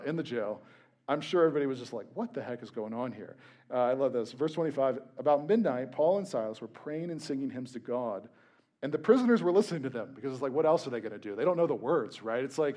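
Casting: young adult male pastor, chatty animated sermon delivery with jokey asides, mid-pitched voice.

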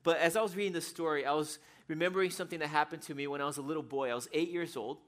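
A man who grew up in Brazil, preaching a sermon and telling a personal story in a lively, animated way. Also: a little high, racing. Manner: animated storyteller, acts out scenes with shouts. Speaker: pastor.

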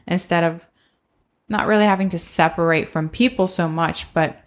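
A woman with a somewhat low voice co-hosts a relaxed faith conversation. She explains her points earnestly and patiently. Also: normal speed. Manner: earnest, explanatory, acts out little quotes. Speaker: podcast co-host.

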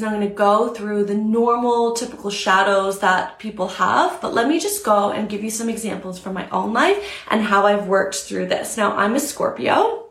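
Young woman, spiritual coach, earnest, reflective, mid pitch, roomy echo. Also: moderate pace, fairly bright tone. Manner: earnest, reflective, many fillers. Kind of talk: instagram live talk.

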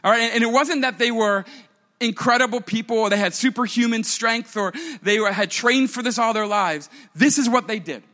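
A man preaching a sermon to a church congregation in an animated, conversational way, with playful asides. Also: extremely high pitch, normal speed, in a large hall. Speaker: pastor.

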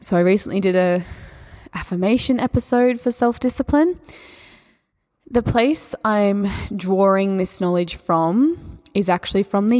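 An Australian woman hosting a solo mindset podcast, talking in a gentle, encouraging, spiritual way. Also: medium pitch. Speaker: podcast host and mindset coach.

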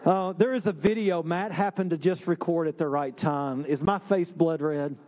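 A man, a pastor, preaching a sermon in a relaxed storytelling way with self-deprecating humor. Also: a little high, moderate pace. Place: church sanctuary.

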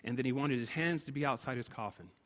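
A male preacher delivering a sermon in a church sanctuary, his voice sitting at an ordinary middle pitch. He presses his message through insistent, repeated phrases. The sound carries a long hall reverb from the room. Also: fast talker, a bit bright.

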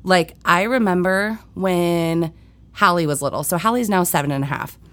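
Low-voiced woman podcaster, swears freely. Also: moderate pace, fairly bright tone. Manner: candid, swears freely, laughs often. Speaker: podcast host. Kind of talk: casual storytelling monologue.

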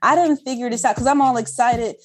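A woman telling a childhood story in casual chat as a podcast co-host, acting out quotes in a high voice. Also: quick pace.

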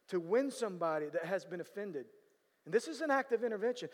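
Man, sermon-style storytelling, high voice, animated with loud bursts, long hall reverb. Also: a little fast. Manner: animated, bursts of loud emphasis, repeats "you know what I'm saying".

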